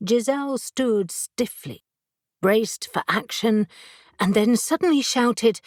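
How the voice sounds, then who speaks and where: A woman narrating an audiobook in a measured way, giving each character a voice. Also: fairly high pitch, darkish tone, no echo, clean studio sound. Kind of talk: scripted narration.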